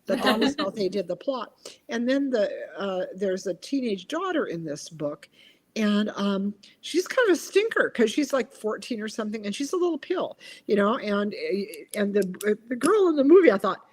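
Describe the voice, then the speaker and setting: Woman author, middle-aged, lively anecdote-teller in casual chat. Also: normal speed. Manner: chatty storyteller, acts out quotes with big pitch jumps. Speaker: author guest.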